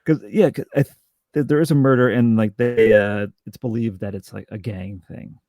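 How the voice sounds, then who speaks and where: A man co-hosting a podcast, chatting casually about a movie with halting restarts and dry jokes. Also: lowish voice, steady tone, dark tone, no echo. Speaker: podcast co-host. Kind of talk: casual film review chat.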